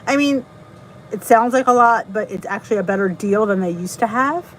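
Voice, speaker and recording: A middle-aged woman with a New Jersey accent hosts a casual live stream, reading the chat, greeting viewers, and laughing at herself. Her voice sits in the mid range at a normal pace, on a low-quality recording with slight background noise.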